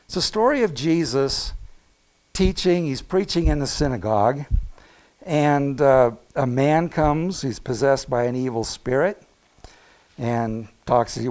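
A man preaching a sermon to his congregation, talking to them directly with asides and quick laughs, and swinging between loud calls and near-hushed moments. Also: medium pitch. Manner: animated preaching with big swings in loudness, dropping to a hush. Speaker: pastor.

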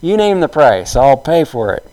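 A man's voice: fairly high pitch, big pitch swings, moderate pace, dark tone, rough recording. A man doing an eager, wheedling king. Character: greedy, eager male king.

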